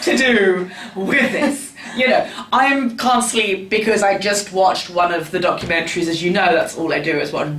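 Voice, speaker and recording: A man's voice: sits high, steady tone, normal speed, few pauses, fairly bright tone, a little hiss or hum. A man, a tabloid journalist, telling candid, gossipy, profane stories in an interview. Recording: roomy sound, distant mic.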